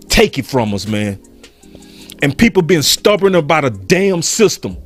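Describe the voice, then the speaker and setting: A man's voice: on the high side, sing-song, unhurried, long pauses, faint music behind. Fired-up male sports host. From Dallas. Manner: heated, emphatic, sometimes curses. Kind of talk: passionate fan-show rant.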